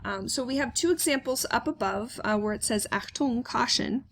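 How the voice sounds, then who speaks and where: A woman's voice: a little high, moderate pace, few pauses. Woman, patient classroom lecturer; methodical step-by-step explanations with frequent filler words. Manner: explains step by step, asks questions aloud and answers them, many "uh" fillers. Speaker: German teacher.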